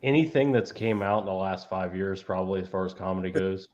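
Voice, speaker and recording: A man's voice: low voice, a little fast, muffled recording. A man on a film panel, chatting casually and eagerly retelling scenes. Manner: animated storyteller who retells scenes. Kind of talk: casual chat about films.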